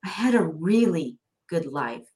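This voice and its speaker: A middle-aged woman speaking as a guest in an animated interview. She talks expressively, often laughing and acting out snippets of dialogue. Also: fairly low pitch, measured pace. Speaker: guest, financial planner.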